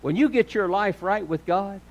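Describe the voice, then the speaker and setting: At a normal speed, a pastor preaches sincerely, his delivery swinging between loud, emphatic statements and hushed ones. He speaks to each listener as "dear friend."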